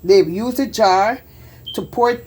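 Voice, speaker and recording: A woman's voice: mid-range voice, takes it slowly, darkish tone, husky. Chatty churchgoing woman showing her home. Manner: chatty, faith-filled, repeats phrases for emphasis. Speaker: home vlogger. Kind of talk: casual home tour chat.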